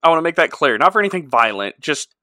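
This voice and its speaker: A man's voice: on the high side, big pitch swings, quick pace, bright, forceful tone, no room sound, clean studio sound. A man co-hosting a podcast, recapping a show in casual chat and joking around. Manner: jokey, acts out characters in exaggerated voices. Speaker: podcast co-host.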